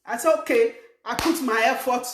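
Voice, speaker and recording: A middle-aged Nigerian woman hosting her own show, lecturing viewers in an emphatic, scolding way that rises to shouts. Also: high-pitched, animated, unhurried, roomy sound, background noise. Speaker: talk show host. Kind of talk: preaching monologue to viewers. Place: living abroad, in a room.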